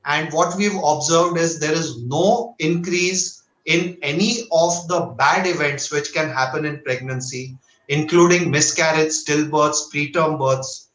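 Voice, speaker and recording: Earnest Indian doctor, bright roomy lecture voice. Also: male voice, fairly high pitch, fairly even intonation. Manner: measured, earnest, asks for each next slide. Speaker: doctor presenting at a medical webinar. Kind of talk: formal lecture over slides. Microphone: webinar audio.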